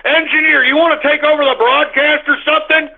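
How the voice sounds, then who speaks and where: A man's voice: very high voice, little pitch movement, brisk, creaky, noisy background. A male talk radio host, exasperated and swearing, rambling with restarts through a live on-air rant from his office. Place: home office. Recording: tinny phone-like radio stream.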